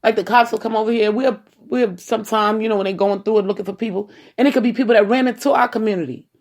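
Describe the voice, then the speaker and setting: A woman's voice: mid-range voice, fairly even intonation, quick pace, darkish tone. A woman with a New York accent, an activist giving a casual, rambling podcast monologue and often saying "you know".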